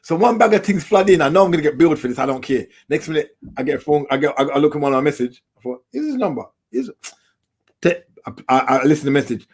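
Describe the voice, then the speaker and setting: Husky and on the high side, this middle-aged English man talks very fast with few pauses. He's a documentary filmmaker guesting on an interview, an animated storyteller who uses casual street slang.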